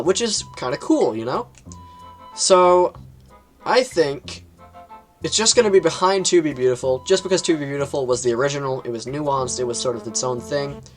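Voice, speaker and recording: A man casually reviewing books on his channel, rambling, with lots of fillers and quick jumps in pitch. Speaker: book reviewer.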